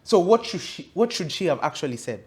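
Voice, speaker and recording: A man's voice: on the high side, big pitch swings, a little fast, darkish tone. A male pastor giving an interactive Bible teaching, reading scripture aloud and quizzing his audience in a conversational way that rises to emphatic.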